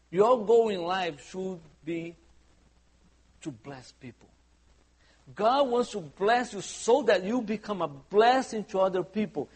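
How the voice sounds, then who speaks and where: A man's voice: a little high, slightly rough. A man preaching a sermon as pastor, conversational and humorous, often asking the congregation questions. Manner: humorous asides.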